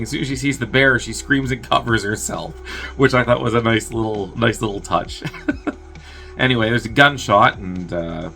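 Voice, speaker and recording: A man's voice: lowish voice, a bit bright. A man hosting a movie review show, casually recapping a plot in a rambling, wry way and laughing at his own jokes. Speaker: movie review podcast host.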